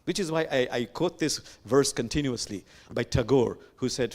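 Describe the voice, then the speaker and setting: A man preaching as an imam, gentle and reflective, who slows to stress each quoted verse and speaks straight to the congregation. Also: mid-range voice. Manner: reflective, quotes sacred verses slowly and with emphasis; gentle, addresses the congregation directly. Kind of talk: sermon. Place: sanctuary.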